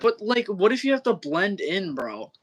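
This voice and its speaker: A man's voice: high voice, sing-song, normal speed. A young man, chatting loosely on a livestream, full of slang and swearing. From Wisconsin, US Midwest. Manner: rambling, slangy, swears a lot, keeps saying bro. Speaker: livestream co-host. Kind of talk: casual chat on a livestream.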